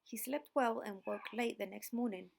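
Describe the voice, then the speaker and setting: A woman narrating a fairy tale slowly and clearly for English learners. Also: on the high side, darkish tone, a little hiss or hum. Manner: slow, deliberate reading. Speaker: audiobook narrator.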